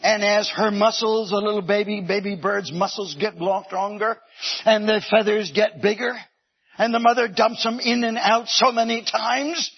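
A man preaching a sermon with animated storytelling that swings into shouts. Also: high-pitched, moderate pace, slightly rough, dull audio.

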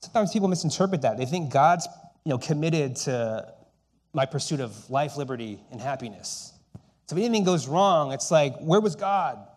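A middle-aged man delivers a sermon with a storyteller's manner. He swings between raised, emphatic stretches and soft, hushed lines. His voice sits at an ordinary middle pitch. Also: lively intonation, moderate pace. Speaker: pastor.

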